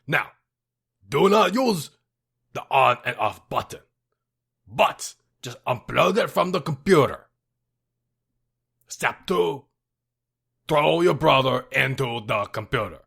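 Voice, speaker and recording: A man's voice: medium pitch, expressive, slow pace, creaky, long pauses, fairly bright tone, breathy edge, heavily acted. A man doing Strong Bad, cocky masked cartoon wrestler. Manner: boastful, mock-helpful, accent drifting. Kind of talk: comedic impression on a podcast.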